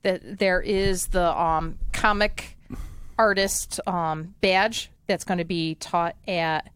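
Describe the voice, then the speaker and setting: A woman's voice: lowish voice, steady tone, slow, a bit bright, clear, resonant tone. A woman co-hosting a casual podcast, chatty and hesitant, with many fillers. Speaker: podcast co-host.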